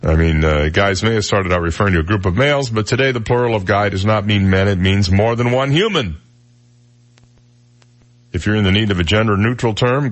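A man from Michigan hosting a casual radio talk show, chatty and joking with lots of fillers. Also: fairly low pitch.

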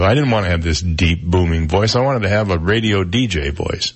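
A man in his sixties with a deep baritone voice, hosting a morning radio talk show and telling stories at a relaxed pace with plenty of fillers. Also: fairly quick, hardly any pauses. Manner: relaxed storytelling with frequent fillers. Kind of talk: casual morning radio chat. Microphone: studio broadcast mic.

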